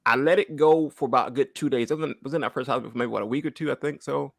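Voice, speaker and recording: This thirtysomething man races through a heartfelt church testimony in a creaky, medium-pitched voice, recorded with no room sound. Close to tears, he repeats phrases and asks "right?" again and again.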